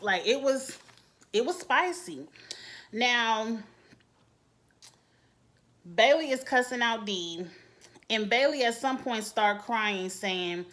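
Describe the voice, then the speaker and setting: A woman's voice: a little high, animated, unhurried, pauses often, sharp tone. A woman giving blunt, candid, chatty commentary as a reality TV reviewer. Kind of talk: casual opinionated commentary.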